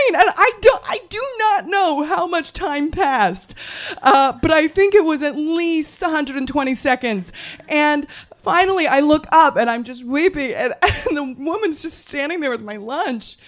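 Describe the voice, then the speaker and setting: A woman from the Jersey Shore telling a personal story live on stage, animated and self-mocking, laughing as she goes. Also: sits high. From Jersey Shore, USA.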